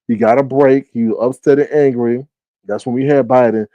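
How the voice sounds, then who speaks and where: A man hosting a casual live stream, talking to his chat with drawn-out "ooh, child" asides and sudden shrieking exclamations. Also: no echo, highs cut off. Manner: animated, with shrieking high exclamations and laughter.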